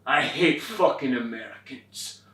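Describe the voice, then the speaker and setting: An actor on stage playing a furious, drunk Siberian driver who snarls in slow, broken English, heard from far off in a roomy hall. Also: male voice, mid-range voice, lively intonation, a bit bright. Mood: snarling. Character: menacing drunk Siberian man driver, raging.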